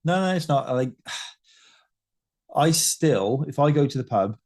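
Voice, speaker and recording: A man's voice: medium pitch, animated, measured pace, a little mellow. A man co-hosting a casual podcast, chatting with dry, joking asides. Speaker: podcast co-host. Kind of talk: casual chat.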